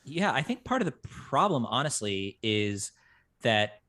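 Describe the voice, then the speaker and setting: A man's voice: mid-range voice, sing-song, a little slow, bright, forceful tone. A man as a guest on a casual basketball podcast, reasoning through his points with many fillers and small chuckles. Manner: analytical, filler-heavy, chuckling.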